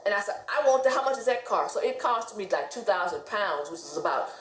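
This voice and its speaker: A woman's voice: medium pitch, fairly quick, echoey room. Chatty American woman vlogging. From United States. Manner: chatty, laughs often, animated quoted voices. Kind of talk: casual storytelling to camera.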